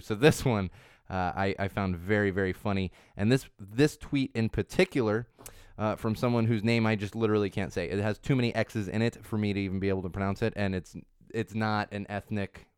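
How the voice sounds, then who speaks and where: Talking loosely about social trends as a host, this thirtysomething man rambles, self-corrects, and keeps restarting sentences. He speaks a little fast in a lowish, clean voice, captured with studio quality and no echo.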